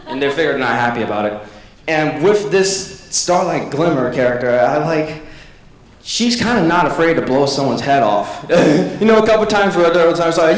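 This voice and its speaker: A man's voice: high voice, animated, fairly quick. A man doing a casual stand-up comedy set at a convention, rambling and acting out quotes. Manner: rambling, restarts, acts out quotes. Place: convention hall. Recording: echoey hall, mic at a distance.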